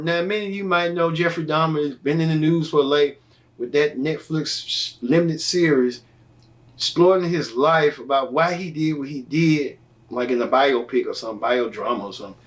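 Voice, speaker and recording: A man's voice: fairly high pitch, fairly bright tone, distant mic. A man hosting a casual entertainment news show, talking in a loose, rambling way with many fillers and restarts. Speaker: host.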